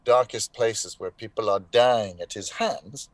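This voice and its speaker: A man's voice: fairly low pitch, unhurried, no room sound. A man answering interview questions as a voice actor guest, telling his story reflectively and with emphatic bursts. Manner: reflective, emphatic storytelling with sudden swings in loudness. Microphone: online live call.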